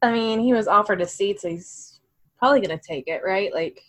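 A woman playing a tabletop game, chatty, giggly and animated. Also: medium pitch, fairly quick. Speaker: player. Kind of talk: casual tabletop game play.

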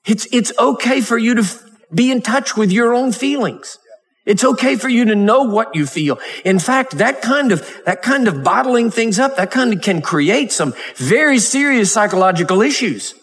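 A man's voice: extremely high pitch, expressive, normal speed, a bit bright. A man preaching a Wednesday night sermon, reading scripture and talking conversationally with laughs and mock voices. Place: church sanctuary. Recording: long hall reverb.

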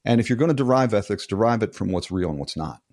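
Low-voiced, blunt, profane older man. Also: lively intonation, fast, darkish tone, no room sound, studio quality. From United States. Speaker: guest. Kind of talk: casual conversational interview.

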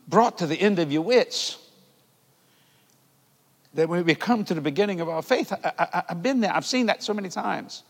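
A man preaching a televised sermon in a large church, fervent, with folksy grammar and shouting peaks. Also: fairly high pitch, big-room sound.

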